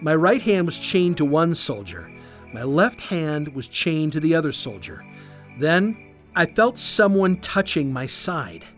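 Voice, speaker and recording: Peter, a narrator doing a calm storybook man. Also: medium pitch, measured pace, soft background music. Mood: wondering. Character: calm grown man Peter, gentle and steady.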